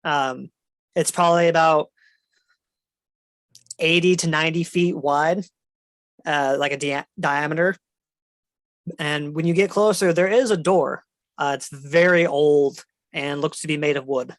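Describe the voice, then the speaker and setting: A man narrating as game master of a tabletop game, relaxed and descriptive with fillers. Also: on the high side, a little slow, long pauses, dry recording.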